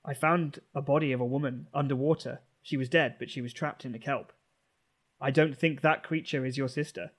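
A man's voice: mid-range voice, steady tone, fairly quick. A man playing his character in a tabletop game, speaking earnestly in character. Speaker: player.

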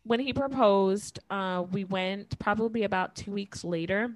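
A woman in her thirties telling a personal story in casual chat, acting out quoted lines with lively jumps in pitch. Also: measured pace, no echo. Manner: animated, acts out quotes with big pitch jumps.

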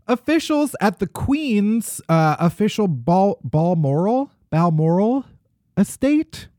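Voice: mid-range voice, very animated, slow, warm tone, no room sound, studio quality. A podcast host with a Midwestern American accent, talking in a sarcastic, ranting way about odd news. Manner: sarcastic, ranting, lots of restarts. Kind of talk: casual comedic news chat.

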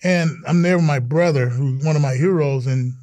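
A man's voice: on the high side, moderate pace, dark tone, dry recording. A middle-aged man, a former pro football player, telling stories in a casual interview and acting out the voices of people he quotes. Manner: earnest storytelling, acts out quoted voices.

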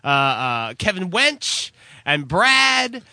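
An excitable man co-hosting a podcast, rambling and stammering as he pitches a new idea in casual banter. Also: very slow, dry recording. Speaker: podcast co-host.

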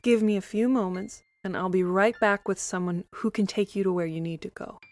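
A woman voicing a calm, wise old raven in a storybook, speaking with fussy gentleness. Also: mid-range voice, brisk, faint music behind, natural voice. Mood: calm advising. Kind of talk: storybook voice acting.

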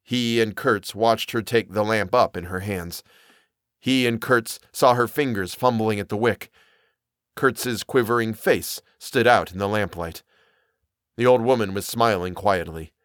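A man narrating a horror story as a podcast host, measured and expressive. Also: lowish voice, no echo, clean studio sound.

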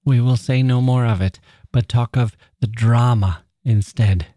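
A man voicing a frail, proud woman writer who speaks humbly and gently but will not yield. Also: medium pitch, fairly even intonation, measured pace, no echo, studio quality, natural voice. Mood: gentle, earnest.

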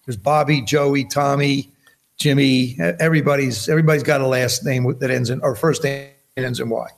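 A man's voice: medium pitch, a little fast, vocal fry. A man in his seventies from New Jersey, a podcast guest telling stories in casual chat and acting out the voices in them. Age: 70s. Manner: animated storyteller acting out quoted dialogue.

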